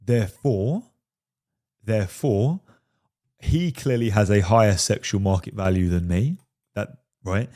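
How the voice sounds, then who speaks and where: A male dating coach commenting on a film clip in a low, mellow voice. He talks emphatically, hammering each point home and checking in with "right?" again and again. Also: measured pace, long pauses. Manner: emphatic, keeps asking "right?".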